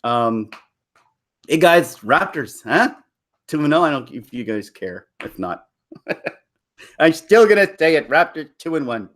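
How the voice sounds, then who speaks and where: A man's voice: on the high side, sing-song, a little slow, pauses often, fairly bright tone. A man from Toronto chatting casually to viewers on a live stream, rambling with frequent laughs and restarts. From Toronto, Canada. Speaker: livestream host.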